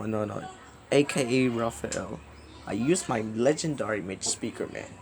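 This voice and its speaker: A man making a rambling direct-to-camera plea, repetitive and halting, swinging between loud outbursts and mumbling. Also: medium pitch, creaky. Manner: halting, restarts words often. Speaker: video creator.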